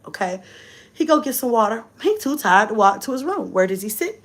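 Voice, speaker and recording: A young woman, telling a story in a casual vlog, expressive and swearing freely. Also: fast talker. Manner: expressive, swears freely, swings from low asides to shrieking and laughing. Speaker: vlogger.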